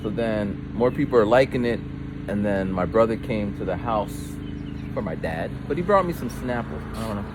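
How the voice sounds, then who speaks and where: A man's voice: lowish voice, lively intonation, moderate pace, background noise. A man telling a rambling story while walking outdoors, with false starts and quoted voices of other people. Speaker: vlogger. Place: outdoors on a street.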